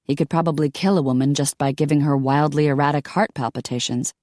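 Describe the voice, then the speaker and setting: Woman audiobook narrator, low voice, dry close sound, wry delivery. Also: steady tone, fast talker, a little mellow, dry recording.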